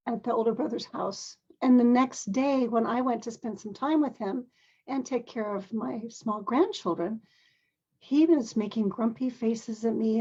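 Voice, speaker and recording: Gentle, husky older woman telling a story. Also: fairly high pitch, muffled recording. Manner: gentle, earnest, measured, with occasional throat clearing. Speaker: parent sharing a personal story. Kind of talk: reflective personal storytelling.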